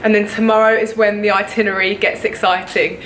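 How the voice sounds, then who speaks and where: A young woman vlogging to a handheld camera, gushing and excitable, often gasping and laughing. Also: medium pitch, brisk, a little hiss or hum. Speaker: beauty vlogger. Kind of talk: casual vlog to camera. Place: hotel room and city streets.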